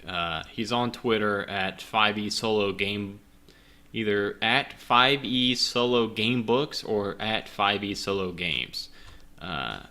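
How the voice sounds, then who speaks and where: Bright-voiced man rambling as game master. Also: lowish voice. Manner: rambling, self-deprecating, many fillers. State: drinking. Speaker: game master playing a solo gamebook. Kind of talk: casual chat and reading game narration.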